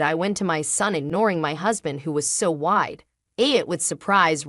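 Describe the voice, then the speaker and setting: A woman narrating a first-person dramatic story in an emotional, halting way. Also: sits low, a bit bright, no echo, studio quality.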